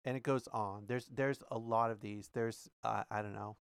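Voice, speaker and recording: A man's voice: lowish voice, steady tone, normal speed, gravelly, clear, resonant tone, no room sound. Chatty male podcast host, dry sound. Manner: chatty, many fillers and restarts. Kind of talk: casual spoken commentary and reading aloud.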